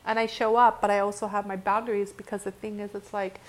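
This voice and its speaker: A woman speaking to her viewers as a spiritual teacher, earnest and impassioned. Her voice sits at an ordinary middle pitch. She circles back through her sentences often, leans on "like", and is blunt enough to curse. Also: little pitch movement, quick pace. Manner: earnest and impassioned, with frequent restarts and "like"; blunt, with occasional cursing.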